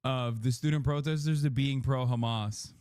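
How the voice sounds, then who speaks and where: A man's voice: medium pitch, moderate pace, no echo, studio quality. A young man livestreaming his reaction to a clip, rambling and cursing as he picks apart the argument. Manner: excited, profane, analytical rambling. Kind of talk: live-stream reaction commentary.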